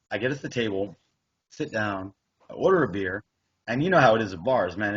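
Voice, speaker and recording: A man spins a long, rambling story, cursing freely and acting out what everyone said. His voice is husky and sits in a middle register. The recording sounds dull and lo-fi. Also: lowish voice. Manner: profane, rambling, animated retelling with quoted dialogue. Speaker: podcast co-host. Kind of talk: casual storytelling chat. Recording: dull lo-fi podcast audio.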